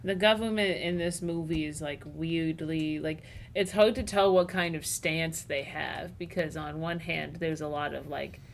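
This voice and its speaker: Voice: medium pitch, steady tone, measured pace, gravelly, few pauses, slight background noise. A guest in casual conversation about a film. Sarcastic and playful, with joking asides. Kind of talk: casual chat about movies.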